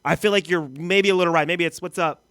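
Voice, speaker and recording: A young man co-hosting a casual podcast, excitable and jokey, swearing freely as he talks. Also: on the high side, quick pace, dry recording. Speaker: podcast co-host.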